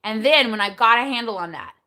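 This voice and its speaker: A woman's voice: fairly high pitch, lively intonation, a little fast, pushed and bright. A woman in her forties hosting a casual live chat, candid and chatty, often asking herself questions and answering them, then giving step-by-step coaching advice. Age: 40s. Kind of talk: casual live-stream talk.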